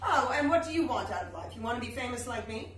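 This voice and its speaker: A condescending famous woman who lectures in a loud, patronizing tone, acted by a woman on stage. The voice is bright and sharp. It comes from a distant, roomy live stage recording with faint noise. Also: a little high, animated, fast talker.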